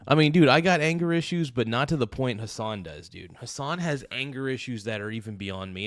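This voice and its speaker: A man's voice: mid-range voice, no room sound, clean studio sound. A young man hosting a livestream, giving rambling, brash political commentary and calling people "dude". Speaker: livestream host.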